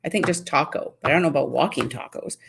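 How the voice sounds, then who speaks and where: A chatty middle-aged woman from Canada runs a live stream, reading out viewer comments and answering them on the fly. Her voice sits a little low for a woman, and she talks in a relaxed, conversational way. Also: fast, creaky, background noise. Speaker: host of a live fasting stream.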